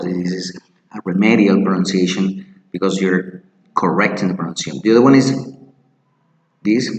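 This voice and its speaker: A male English teacher, walking through a pronunciation lesson step by step, slowly modeling words and repeating them. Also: low-pitched, darkish tone, reverberant, big-room sound, highs cut off. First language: Spanish. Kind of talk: screen-share teaching lesson.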